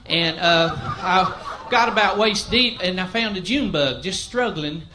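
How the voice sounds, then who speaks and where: A man with a warm East Tennessee Southern drawl and a somewhat high voice tells rambling, self-deprecating yarns on a comedy stage. He talks into a handheld mic, and the live club recording carries a fair amount of noise. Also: unhurried. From East Tennessee, USA. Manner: folksy, self-deprecating, animated yarn-spinning. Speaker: stand-up comedian. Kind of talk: stand-up storytelling.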